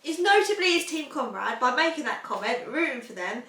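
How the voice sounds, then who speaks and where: Twenties podcast host, bright, rambling, chatty; distant mic, echoey room. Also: female voice, high voice, big pitch swings, fairly quick. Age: 20s. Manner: chatty, rambling, laughs often. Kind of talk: casual chat.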